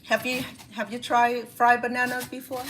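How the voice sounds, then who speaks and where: A woman's voice: a little high, level tone, moderate pace, a bit bright, a little hiss or hum. A woman from Cambodia with a Cambodian accent, chatting casually and rambling as she cooks, often restarting her phrases. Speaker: home cooking host. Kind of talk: casual cooking vlog chat. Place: home kitchen. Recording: kitchen clatter of pots and dishes. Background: clinking pots, pans and dishes.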